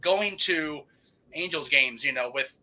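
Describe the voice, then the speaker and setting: A man's voice: on the high side, measured pace, sharp tone, poor audio. A man hosting a casual chat, telling old stories with many restarts and fillers. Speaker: podcast host.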